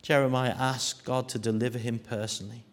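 A man preaching a sermon, dropping to hushed tones and rising to loud, acted-out quotes. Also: medium pitch, level tone, fairly quick. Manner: dramatic shifts from hushed to loud, acting out quoted voices.

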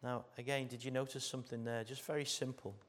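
A man with an English accent preaching a sermon as pastor, moving between loud emphatic passages and soft intimate ones, often asking the congregation rhetorical questions. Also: medium pitch, level tone, fast talker.

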